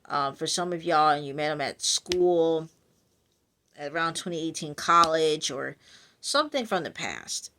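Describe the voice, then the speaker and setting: A woman with a deep, fairly bright voice reads out an encouraging prophetic message in a relaxed, chatty way, heavy with fillers. As a spiritual message reader, she speaks directly to those listening.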